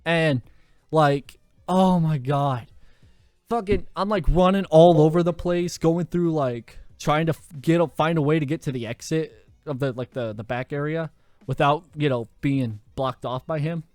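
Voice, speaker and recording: A young man hosting a podcast, telling a story in a loud, animated way and swearing often. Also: fairly high pitch, a little slow, no room sound, soft background music. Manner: animated, swears a lot, laughs through his story. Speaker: podcast host. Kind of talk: casual storytelling.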